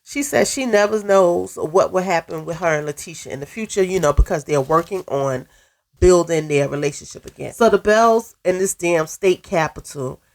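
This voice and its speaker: A woman's voice: on the low side, normal speed, vocal fry. A woman with a stuffy cold voice, giving a blunt, sassy recap of a reality show and tagging her points with "okay?". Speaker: recap vlogger. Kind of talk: casual opinionated recap.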